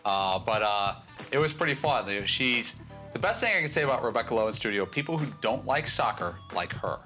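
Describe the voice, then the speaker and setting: Male co-host, rambling, self-mocking, bright tone. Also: mid-range voice, lively intonation, brisk, faint music behind. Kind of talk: casual studio banter.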